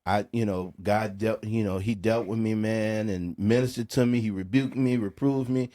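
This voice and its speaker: A man's voice: fairly low pitch, normal speed. A middle-aged man from New Orleans, a music producer guest on a podcast, telling a personal story in casual talk and acting out the quoted dialogue. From New Orleans, USA. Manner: animated storyteller who acts out quoted dialogue, peppered with "bro" and "man".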